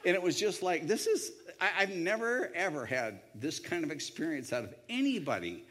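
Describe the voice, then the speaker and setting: A man's voice: fairly high pitch, big pitch swings, moderate pace, fairly bright tone. A man telling a personal anecdote in a rambling way, with many restarts and voiced quotes. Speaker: storyteller. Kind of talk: anecdotal storytelling.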